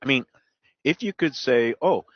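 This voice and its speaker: A man's voice: mid-range voice, lively intonation, a little slow, dry recording, muffled recording. A male TV host chatting enthusiastically about food and drinks, joking about himself. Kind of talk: casual food chat on a TV segment.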